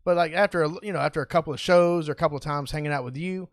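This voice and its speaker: A man's voice: fairly high pitch, very fast, no echo, studio quality. A man co-hosting a casual podcast, chatty and agreeable. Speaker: podcast co-host. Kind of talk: casual chat.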